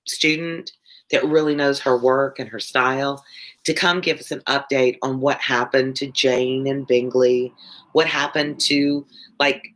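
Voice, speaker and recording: A tired woman with a Southern American accent, an ESL teacher chatting casually and rambling with viewers between chapters. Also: extremely low pitch. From Michigan. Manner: chatty, meandering, drawling when tired. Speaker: ESL teacher and read-along host.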